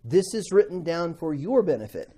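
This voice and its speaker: A man teaching a Bible class to students, animated, acting out quotes and asking the class questions. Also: fairly high pitch, normal speed.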